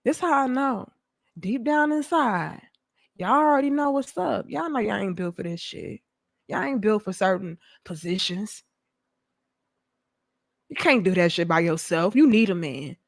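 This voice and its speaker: A young adult woman, delivering a profane, animated commentary rant and acting out mocking voices. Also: mid-range voice, measured pace, vocal fry, long pauses. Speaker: commentary host. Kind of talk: ranting commentary monologue.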